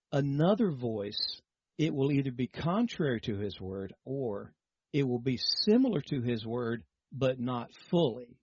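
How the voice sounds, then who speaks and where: Husky-voiced man preaching a sermon. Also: medium pitch, darkish tone, no echo, highs cut off. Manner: teaching, repeats words, asks rhetorical questions.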